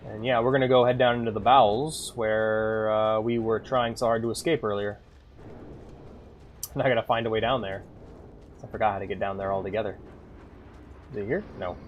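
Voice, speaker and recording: A man streaming a game, rambling and swearing freely as he thinks out loud between moves. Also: fairly low pitch, fairly even intonation, brisk, long pauses, narrow, tinny audio, slight background noise. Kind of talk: casual gameplay commentary.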